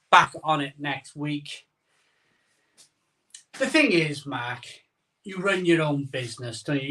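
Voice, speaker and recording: With a fairly high-pitched voice that's bright and forceful, a middle-aged man chats on a casual live stream, reading out viewer comments in a jokey, sleepy way. He's filming from his home conservatory on a phone camera.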